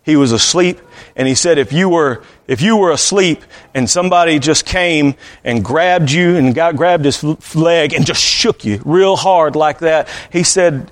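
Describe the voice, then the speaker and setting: A man preaching a sermon, telling a story in an earnest voice that sometimes sinks to a soft hush. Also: a little high, a little slow. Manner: earnest, drops to a soft hushed voice at times.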